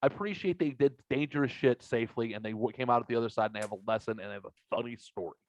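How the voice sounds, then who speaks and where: A man's voice: medium pitch, rapid-fire, no echo. A man hosting a podcast, telling a long, profane story in a rambling, casual way. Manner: rambling, profane, animated retelling. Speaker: podcast host. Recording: dry, dull lo-fi sound.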